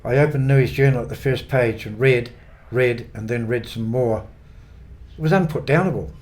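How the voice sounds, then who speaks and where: Older man, New Zealand accent, memoir narration, unhurried, wry, middle pitch. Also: a little mellow. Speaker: author narrating his own memoir. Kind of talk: scripted narration.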